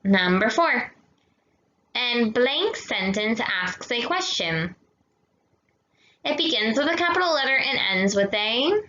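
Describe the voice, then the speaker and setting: A young woman teaching a grammar lesson to kids, talking slowly and patiently, checking in with "okay?" and mixing in Spanish words. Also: fairly high pitch, very animated, pushed and bright. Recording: echoey dull room sound.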